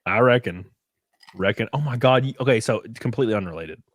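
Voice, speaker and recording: A tipsy man co-hosting a podcast, chatting crudely and animatedly, often laughing and breaking into high mocking voices. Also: fast, slightly rough, no room sound. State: a little drunk. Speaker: podcast co-host. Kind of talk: casual crude banter.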